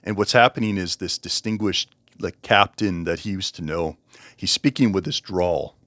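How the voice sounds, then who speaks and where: A man's voice: deep voice, normal speed, a bit bright, dry recording. A man casually reviewing a book, rambling, correcting himself and chuckling as he talks. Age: over 20.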